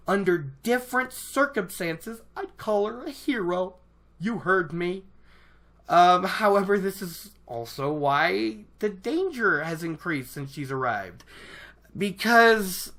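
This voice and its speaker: A podcast host chatting casually about a fantasy novel chapter, excitable and rambling, poking fun at their own overthinking. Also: mid-range voice, takes it slowly. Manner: excitable, rambling, self-mocking. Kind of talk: casual book podcast chat.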